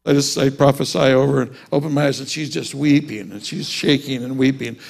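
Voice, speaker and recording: A man's voice: mid-range voice, steady tone, brisk, creaky, a little mellow. A man preaching a sermon, telling a personal story and then rising into fervent preaching.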